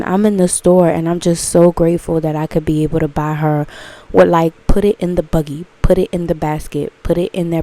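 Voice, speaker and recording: Gushing woman with a low, mellow voice. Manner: rambling, gushing, swears freely, many "like" fillers; breaks into excited high exclamations. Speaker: vlogger. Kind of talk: casual spiritual monologue to camera.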